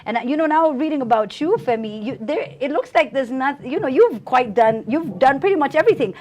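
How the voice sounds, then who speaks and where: A woman's voice: high-pitched, lively intonation, fairly quick, darkish tone. A woman hosting a radio interview, enthusiastic and reacting a lot to her guest. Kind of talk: casual interview.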